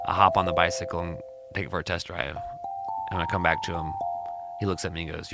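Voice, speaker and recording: A young man from Mississippi with a very low voice tells rambling stories in a laid-back way. He says "dude" all the time and laughs between lines. Music plays clearly underneath. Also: little pitch movement, normal speed, pauses often. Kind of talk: casual storytelling chat.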